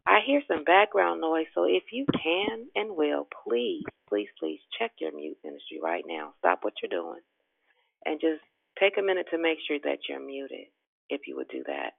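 A woman's voice: low voice, big pitch swings, moderate pace, creaky, dry recording. A woman, hosting a devotional prayer call in an exuberant, folksy way and laughing often. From Richmond, Virginia. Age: 50s. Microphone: phone. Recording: tinny phone line, dry.

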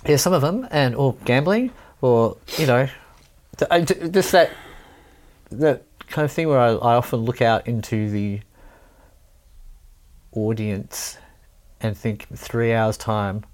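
A man's voice: mid-range voice, lively intonation, unhurried, pauses often, darkish tone. A man, a pub musician chatting casually on a podcast, rambling and laughing often. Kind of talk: casual chat.

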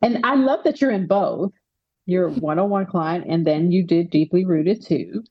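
A woman's voice: on the low side, normal speed, slightly rough, no echo, highs cut off. A woman coach hosting her podcast, asking direct, probing questions in a casual interview.

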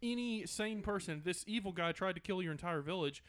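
A man chatting casually about a film, ranting in exasperation and doing quick playful impressions. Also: sits high, a bit bright, clean tone, no echo. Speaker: podcast co-host. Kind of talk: casual movie review chat.

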